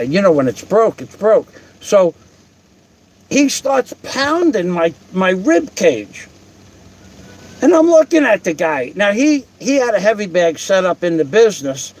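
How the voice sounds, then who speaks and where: An older man telling a long personal story in a blunt, profane, rambling way, full of restarts. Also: sits high. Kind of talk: casual storytelling.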